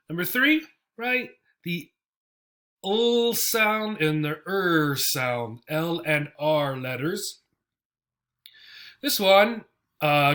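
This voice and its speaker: Slow, bright-voiced man teaching pronunciation. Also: on the high side. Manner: explains slowly, modeling sounds and checking with "right?". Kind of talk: classroom pronunciation lesson.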